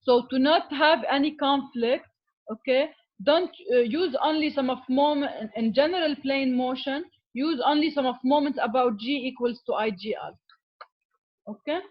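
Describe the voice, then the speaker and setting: A woman engineering teacher with a high-pitched voice gives a classroom lecture at a moderate pace, walking through material step by step and often asking "okay?". She switches to Arabic with her students, and the audio sounds dull.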